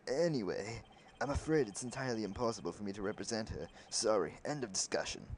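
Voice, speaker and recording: A man voicing a pompous older male lawyer who keeps clearing his throat theatrically. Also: lowish voice, expressive, fast talker, a little hiss or hum, close to an everyday voice.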